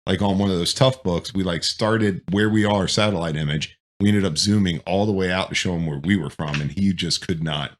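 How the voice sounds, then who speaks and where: A low-voiced military veteran talks briskly with hardly any pauses. On a casual podcast he tells animated, profane stories from his deployment.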